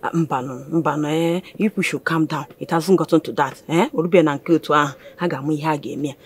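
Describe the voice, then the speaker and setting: A woman's voice: sits low, fairly even intonation, fast talker, slightly rough. An actress with an Igbo Nigerian accent playing an older village mother who is fussy and full of exclamations. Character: worried old village mother. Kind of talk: Nollywood film acting.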